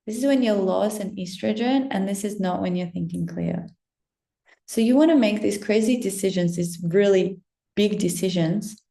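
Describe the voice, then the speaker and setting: Gravelly-voiced woman giving a pep talk. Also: on the low side, warm tone, echoey room. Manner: encouraging, asks rapid rhetorical questions; casual, swears now and then. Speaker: coach. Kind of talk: motivational pep talk to camera.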